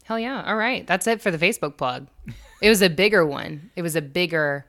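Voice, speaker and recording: A young American woman co-hosts a podcast, chatting casually in a fairly low, fairly bright, expressive voice at a fairly quick clip. She makes crude jokes and swears freely.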